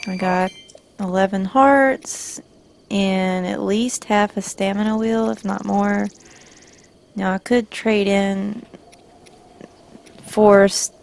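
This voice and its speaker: Gravelly Southern woman doing game commentary. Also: mid-range voice, fairly even intonation, slow pace, pauses often, a little mellow. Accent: Southern US, Georgia. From Georgia, US. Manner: chatty, rambling, self-correcting. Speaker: gaming channel host. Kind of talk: casual gameplay commentary.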